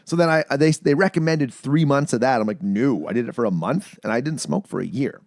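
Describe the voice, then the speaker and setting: A man hosts a casual podcast chat, spinning long stories full of swearing and acting out the other people in them. His voice is animated, with pitch that leaps around, and the recording is dry and close with no room sound. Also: brisk, no room sound. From Canada. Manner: swearing storyteller, acts out quoted voices. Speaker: podcast host.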